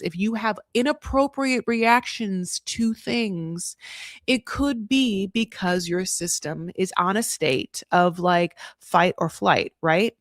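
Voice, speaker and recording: A woman's voice: mid-range voice, no echo, clean studio sound. An American woman recapping a reality show in a chatty, sarcastic way, full of asides and restarts. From United States.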